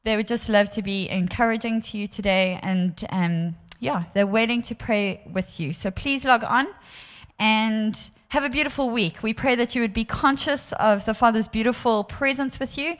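A woman with a South African accent giving gentle, encouraging closing announcements at church, sometimes hesitant. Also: a little high, normal speed. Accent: South African English. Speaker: church leader making announcements. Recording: long hall reverb.

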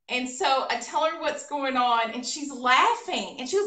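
A woman co-hosting a live show, telling a funny story about her day in an animated, laughing way. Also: high-pitched, unhurried, few pauses. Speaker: co-host of a painting livestream. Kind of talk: casual storytelling chat. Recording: echoey room, voice a bit far from mic.

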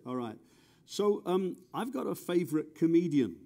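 A man's voice: a little high, animated, normal speed, mellow. A man preaching a chatty, joking sermon, often stumbling and repeating words. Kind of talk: conversational sermon.

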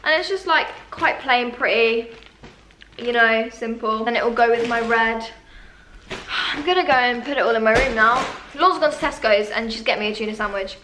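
A woman's voice: a little high, moderate pace, bright, forceful tone, a little hiss or hum, rough recording. A woman chatting casually in a vlog, self-mocking and talkative. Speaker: vlogger.

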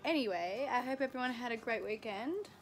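Filming a casual vlog indoors at home, a vlogger in her twenties talks chattily to the camera and laughs a lot. She speaks briskly and animatedly in a voice on the high side, on a noisy home camera recording.

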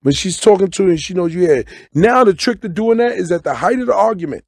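A middle-aged man, talking loosely in a studio interview, preaching and joking with sudden loud outbursts. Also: high voice, lively intonation, quick pace, vocal fry, husky, dry recording. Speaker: guest comedian and actor. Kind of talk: casual interview talk. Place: radio studio.

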